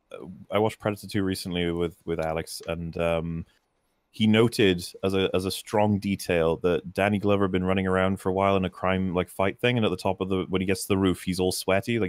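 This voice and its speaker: A man's voice: sits low, little pitch movement, fairly quick, dry recording. A man co-hosting a casual film chat, telling rambling anecdotes with chuckles.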